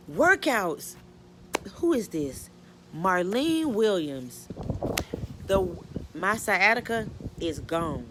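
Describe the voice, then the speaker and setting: A middle-aged woman from the American South, a mother answering viewer questions in an emotional, halting casual talk full of restarts and "you know". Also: on the low side, background noise. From Georgia, US Southern. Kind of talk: casual Q&A chat.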